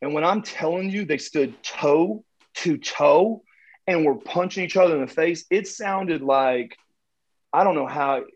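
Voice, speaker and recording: Rambling man, fillers, muffled audio. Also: a little high. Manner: halting, many fillers and restarts. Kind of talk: rambling anecdotal storytelling.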